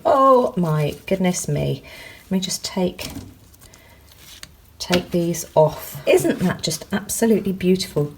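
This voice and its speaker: A woman's voice: mid-range voice, slight background noise, low-quality recording. Chatty woman gushing over crafts. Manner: chatty, gushing with excitement, many ums. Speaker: crafts vlogger. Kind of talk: casual how-to narration. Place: home kitchen.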